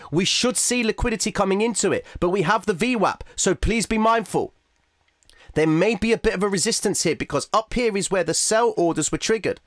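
A man hosting a live trading stream, excitedly talking through the charts and addressing his viewers directly. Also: sits high, dry recording, clean studio sound. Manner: excitable, talks fast to the audience as "ladies and gentlemen". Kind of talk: live market commentary.

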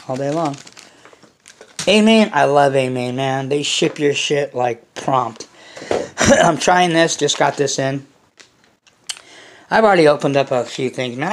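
A man's voice: on the high side, vocal fry. A man hosting a casual unboxing vlog, rambling and blunt, swearing freely as he talks to his viewers. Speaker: hobby channel host.

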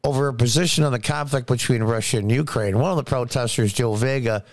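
A man's voice: medium pitch, fast, no echo. A man delivers opinionated political commentary with open scorn and sarcasm. He hammers his points by repeating words. His voice sits in a middle register and is recorded close and dry, with no room sound.

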